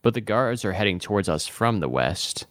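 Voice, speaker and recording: A man's voice: lowish voice, animated, moderate pace, fairly bright tone, no room sound, clean studio sound. A man playing as a guest in a tabletop game, methodically talking through plans step by step. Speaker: guest player.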